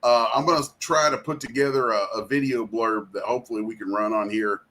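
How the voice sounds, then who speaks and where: A man hosts a loose livestream chat and rambles through his plugs with crude, self-deprecating asides. His voice sits at a middling pitch. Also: fairly even intonation, a little fast, pushed and bright. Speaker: host and comic artist.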